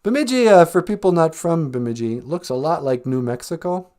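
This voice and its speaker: A man's voice: a little high, moderate pace, dark tone. A man hosting a casual live-stream podcast, telling jokey stories and laughing often. He is outdoors on a back porch. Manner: joking storyteller, laughs often. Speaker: podcast host.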